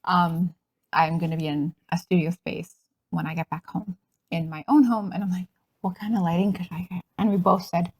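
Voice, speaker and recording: A woman's voice: lowish voice, fairly even intonation, darkish tone, slightly rough. A woman co-hosting a craft podcast, chatting in a bubbly, enthusiastic way. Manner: bubbly, enthusiastic, quick to laugh. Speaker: podcast co-host. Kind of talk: casual chat.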